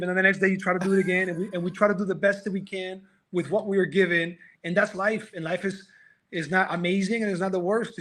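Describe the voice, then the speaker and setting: Over a video call, a former offensive tackle appears as a guest on a casual podcast, talking philosophically about life with many restarts. His voice is high with a fairly bright tone.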